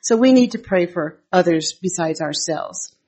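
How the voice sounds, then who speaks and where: An older woman giving a conversational devotional talk, telling personal church stories and reading Bible verses in a husky voice. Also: fairly low pitch, animated, normal speed, warm tone. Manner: homely storytelling with Bible readings.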